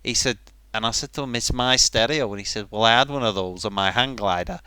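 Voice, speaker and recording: A man's voice: mid-range voice, fast talker, bright, forceful tone, clean tone, dry recording, lightly acted. A man voicing an aggrieved, paranoid Liverpool man with a Liverpool accent, ranting in rhetorical questions.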